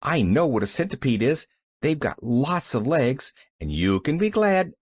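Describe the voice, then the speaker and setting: A man's voice: medium pitch, sing-song, a little slow, no room sound. A man voicing a cheerful, talkative little girl who chatters eagerly in an audiobook reading.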